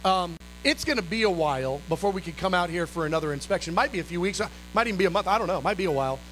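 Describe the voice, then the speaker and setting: Guy putting on a lower, drawly fire inspector, casual and bureaucratic, lots of ums. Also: animated, rapid-fire, fairly bright tone, slight background noise, poor audio. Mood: offhand. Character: offhand middle-aged male fire inspector, bureaucratic.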